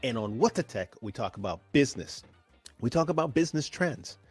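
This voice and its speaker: A man's voice: mid-range voice, fairly quick, slightly rough, soft background music. Hype-driven male podcast host. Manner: energetic, hype introductions with laughter. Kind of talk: upbeat show hosting.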